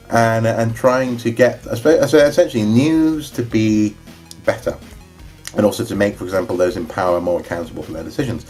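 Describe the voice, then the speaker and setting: A man's voice: fairly low pitch, fairly quick, darkish tone, soft background music. A young man chatting casually about his film collection, rambling and enthusiastic, with many fillers and restarts. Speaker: vlogger reviewing his DVD collection. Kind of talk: casual chat.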